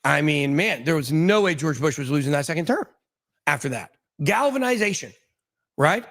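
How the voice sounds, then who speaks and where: A man's voice: on the high side, expressive, moderate pace, a bit bright. A man hosts a casual talk. He wanders through his points, stopping, restarting and filling gaps with "you know" and "uh". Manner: rambling, many restarts and fillers. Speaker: host.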